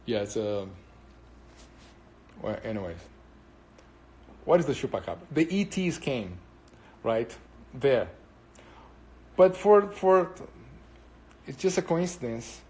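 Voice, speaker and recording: A man's voice: mid-range voice, sing-song, takes it slowly, pauses often, a little mellow, slight background noise. Brazilian-accented man chatting casually. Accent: Brazilian Portuguese. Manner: rambling, switches languages, answers viewer comments. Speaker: livestream host answering chat. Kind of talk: casual chat.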